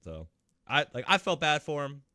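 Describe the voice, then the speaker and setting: Lively, bright-toned man venting in casual chat. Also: fairly high pitch, dry recording, clean studio sound. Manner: animated, profane, quick to laugh. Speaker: podcast co-host.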